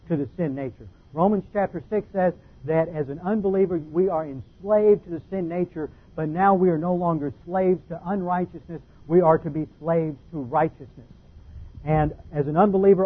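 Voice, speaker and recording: A man with a somewhat high, husky voice teaches scripture in a methodical, explanatory way, leaning hard on key words. The sound is thin and tinny, as if heard over a phone line. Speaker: Bible teacher. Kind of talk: expository Bible teaching.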